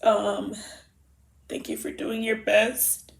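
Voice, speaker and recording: A woman speaking heartfelt farewell letters, halting and emotional, with soft pauses. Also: mid-range voice, monotone, gravelly. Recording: roomy echo.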